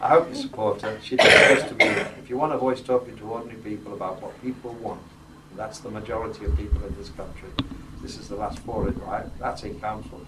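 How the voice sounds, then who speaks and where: A man's voice: on the low side, fairly even intonation, quick pace. A man from Yorkshire, giving an informal campaign speech to local residents. He is jokey and blunt and throws questions to the crowd. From Yorkshire, England. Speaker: politician addressing local residents. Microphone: distant microphone. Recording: roomy, distant, noisy ambience.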